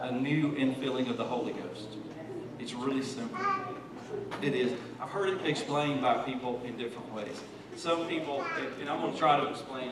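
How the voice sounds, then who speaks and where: A man preaching a sermon as pastor, swinging from soft and intimate to loud shouting, with many repeated "and, and" restarts. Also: medium pitch. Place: large church sanctuary. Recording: very echoey church hall, distant mic, congregation noise. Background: congregation.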